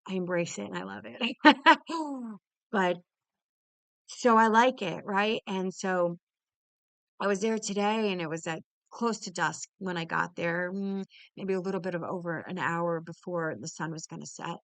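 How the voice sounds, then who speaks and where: A woman's voice: lowish voice, normal speed, gravelly, dry recording. A woman telling a story in a casual, exuberant way, swearing freely, laughing often and restarting her sentences. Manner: many restarts and repeated words. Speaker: podcast host.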